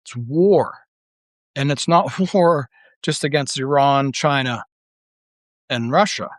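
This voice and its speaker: A man's voice: medium pitch, slow pace, no room sound. A man delivering an unscripted monologue as an online commentator, heated and blunt, with profanity, rambling restarts and rhetorical questions.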